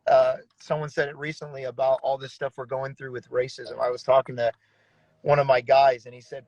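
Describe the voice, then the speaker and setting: A male pastor tells his story earnestly, dropping casual slang along the way. His voice has a gravelly, fry-laden edge. The sound is close and dry, with no room echo. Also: mid-range voice, flat delivery, a little fast, darkish tone, dull audio. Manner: earnest, casual, uses slang like bro and dude. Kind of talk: personal testimony in conversation.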